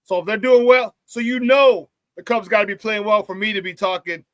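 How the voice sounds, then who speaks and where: A man hosting a live-streamed sports talk show, reading viewer chat in an excitable, hyped way, laughing often and using slang. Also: high-pitched, brisk, no echo.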